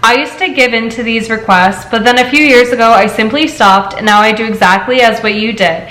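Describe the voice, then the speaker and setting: A woman hosting a casual chat show, reading stories aloud and telling her own story in an animated way. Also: on the high side, brisk. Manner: animated storyteller, laughs often. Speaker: host. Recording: echoey room.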